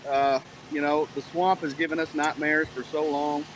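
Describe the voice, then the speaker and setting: A man's voice: a little high, level tone, moderate pace, a little hiss or hum, low-quality recording. A man joining a sports talk stream as a guest, sounding nervous and candid.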